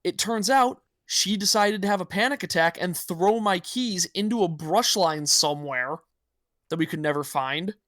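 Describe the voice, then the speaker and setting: A man co-hosting a podcast, telling a story in a quick, rambling casual chat. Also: high-pitched, fairly bright tone, dry recording, clean studio sound. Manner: quick, rambling with many "like" fillers. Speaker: podcast co-host.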